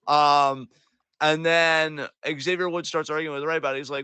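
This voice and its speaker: Bright-voiced sarcastic wrestling podcaster. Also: male voice, fairly high pitch, steady tone, normal speed, clean tone, no room sound. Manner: profane, sarcastic, acts out quotes. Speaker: podcast co-host. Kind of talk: casual wrestling recap chat.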